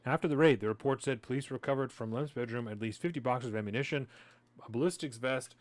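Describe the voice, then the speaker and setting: Fast-talking sardonic male podcast co-host. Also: medium pitch, no room sound. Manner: sardonic, reads articles aloud. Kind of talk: casual podcast chat and reading news aloud.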